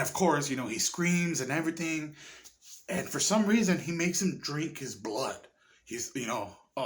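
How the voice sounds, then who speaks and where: A man's voice: medium pitch, a bit bright. Profane, rambling man reviewing a movie. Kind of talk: casual chat.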